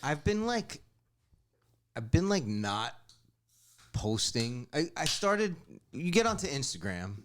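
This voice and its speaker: A man's voice: a little high, big pitch swings, slow, long pauses, a bit bright, slight background noise. A man co-hosting a podcast as a guest, rambling and reflective, with many fillers. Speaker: guest co-host, director. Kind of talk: casual chat.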